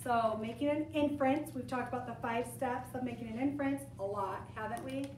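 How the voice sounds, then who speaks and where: Casting: high-voiced young woman teacher, chatty and animated, in an echoey classroom caught from a distance. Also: fairly quick, a little hiss or hum. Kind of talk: classroom lesson to students. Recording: echoey room, camera from far off.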